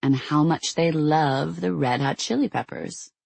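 A narrator voicing a quick-witted teenage girl with a teasing, deadpan manner, in an audiobook. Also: medium pitch, creaky, slightly rough, no room sound, full character voice.

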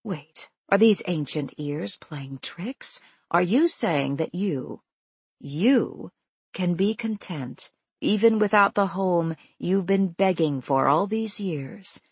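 A woman reading the lines of an elderly husband who is sleepy, fond and teasing, speaking slowly and gently. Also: fairly low pitch, lively intonation, husky, no room sound, full character voice.

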